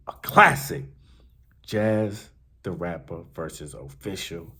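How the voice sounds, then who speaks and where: A man hosting a podcast, giving casual, hyped-up commentary on battle rap that swings from shouts to murmurs. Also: deep voice, a little slow. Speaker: podcast host.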